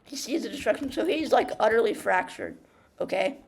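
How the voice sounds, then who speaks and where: Young woman, gaming commentary, rambling rant, fillers and restarts, casual swearing, gravelly voice, faint background noise. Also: mid-range voice, animated, brisk. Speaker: gamer. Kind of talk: casual gaming commentary while retelling a story.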